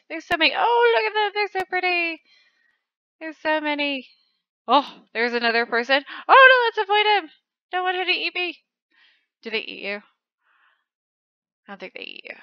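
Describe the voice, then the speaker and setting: A woman hosting a channel, giving excited commentary as she plays a game, gushing and squealing at close calls. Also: high voice, normal speed, long pauses, no echo, lo-fi sound. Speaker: channel host.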